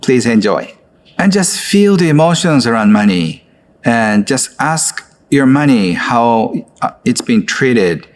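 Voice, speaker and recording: A man who leads a guided exercise in an online course, speaking gently and coaxingly with frequent filler words. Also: mid-range voice, big pitch swings, takes it slowly. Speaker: course instructor.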